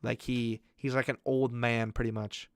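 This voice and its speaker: A man's voice: medium pitch, flat delivery, normal speed, clear, resonant tone, no room sound, studio quality. Young man rambling, swearing casually. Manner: rambling storytelling, heavy swearing and fillers. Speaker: podcast co-host. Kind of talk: casual chat.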